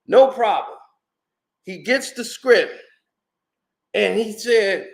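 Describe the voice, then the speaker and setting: Man, high voice, casual storytelling host, animated, echoey room. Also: takes it slowly, vocal fry, long pauses. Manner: animated, acts out quotes, laughs often.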